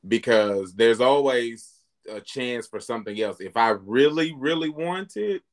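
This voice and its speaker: A man hosting a podcast in a casual, heartfelt chat, speaking candidly and getting animated as he recounts his own thoughts. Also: mid-range voice, unhurried. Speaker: podcast host.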